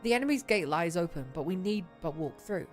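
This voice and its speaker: A woman's voice: fairly low pitch, lively intonation, darkish tone, soft background music, voice pushed down, close to an everyday voice. Alphinaud, a woman voicing a formal young scholar. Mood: brisk. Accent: British (put on). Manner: formal, measured, old-fashioned diction. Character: earnest young male scholar-diplomat.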